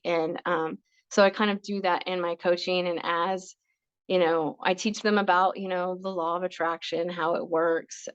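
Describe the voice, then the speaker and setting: A woman's voice: lowish voice, smooth, no echo. A middle-aged woman who works as a life coach, talking earnestly as an interview guest, rambling with many restarts and fillers. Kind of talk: casual interview chat. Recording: dull, dry sound.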